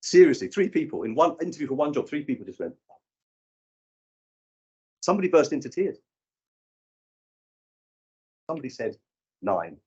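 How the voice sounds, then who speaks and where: A man's voice: a little high, a little fast, pauses often, slightly rough, dull audio. A man in his fifties speaking at a conference session, telling stories and acting out what people said. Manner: animated storyteller acting out quoted people. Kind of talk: live breakout session talk. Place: conference room.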